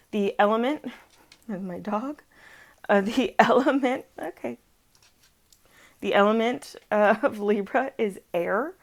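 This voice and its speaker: A woman reading tarot in a chatty, rambling way, full of fillers and self-corrections, at home with her dog on her lap. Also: mid-range voice. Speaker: tarot reader. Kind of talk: casual chat.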